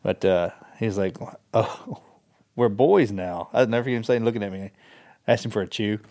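A man's voice: on the low side, fast. A man telling training stories in casual chat, laughing as he goes. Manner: animated storyteller, laughs through his stories. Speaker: guest, retired Navy SEAL. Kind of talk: casual storytelling.

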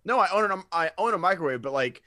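A man's voice: high voice, expressive, quick pace, pushed and bright, dry recording. A man on a casual chat panel, explaining his point in a laid-back way.

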